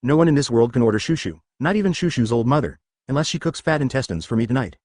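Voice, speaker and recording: A boastful, crude-joking adult man who brags and teases everyone in the chat, read by a male narrator. His pitch rises and falls freely as he delivers each line, and the voice is dry and close to the mic. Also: lively intonation, fast talker, darkish tone, dry recording, lightly acted. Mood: brash.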